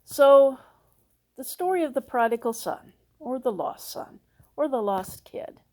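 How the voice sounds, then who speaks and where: A woman's voice: high-pitched, animated, dark tone. A woman pastor preaching a sermon, retelling a parable in a folksy storytelling way. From Minnesota. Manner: slow, storytelling, acts out characters with folksy asides.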